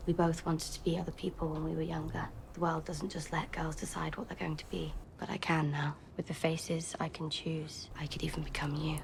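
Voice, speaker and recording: A cold young assassin girl in a TV drama, speaking low and hushed with quiet menace. Her voice sits deep for a woman and carries a gravelly, fry-edged texture. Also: little pitch movement, a little fast, few pauses, a little hiss or hum. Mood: menacing. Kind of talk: TV drama acting.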